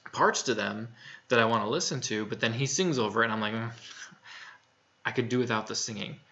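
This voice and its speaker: Guy doing a chatty review, bright forceful voice, kinda dull lo-fi audio. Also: mid-range voice. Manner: frank, plainspoken, with many fillers and restarts. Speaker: album reviewer. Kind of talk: casual solo review.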